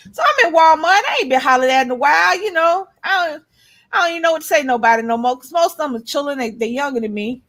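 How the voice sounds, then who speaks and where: A middle-aged woman, telling animated, profane stories in casual chat as a co-host. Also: high-pitched. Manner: animated storytelling, blunt and profane.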